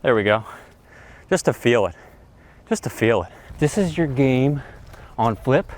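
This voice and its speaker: Excitable golf coach with a lively voice. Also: male voice, medium pitch, measured pace. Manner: excitable, exclamatory, enthusiastic. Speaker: golf instructor. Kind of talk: energetic golf lesson to camera. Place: outdoors on a golf practice area.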